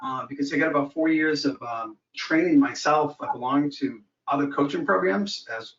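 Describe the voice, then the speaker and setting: Chatty male caller, a bit high-pitched, sounding distant and roomy on a dull line. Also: normal speed, a bit bright, slight background noise. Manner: chatty, self-deprecating, storytelling. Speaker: caller, new coaching client. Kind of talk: casual conversation.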